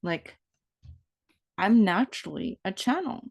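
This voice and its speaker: A woman's voice: mid-range voice, sing-song, measured pace, vocal fry. A woman in her fifties talking in an improvised, rambling monologue, playful and self-mocking as she wanders from one thought to the next. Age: 50s. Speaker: vlogger.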